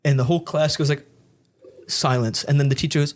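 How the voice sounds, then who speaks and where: Fast-talking young man telling rambling stories. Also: on the high side. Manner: rambling storyteller, swears often, laughs through stories. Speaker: podcast host. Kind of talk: casual chat.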